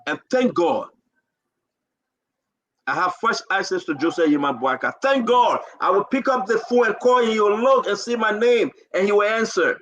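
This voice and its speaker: A man's voice: high-pitched, animated, moderate pace, fairly bright tone, highs cut off. A man with a Liberian English accent hosting a talk show, giving an emotional, declamatory political speech and holding back tears. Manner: emotional, declamatory, repeating phrases.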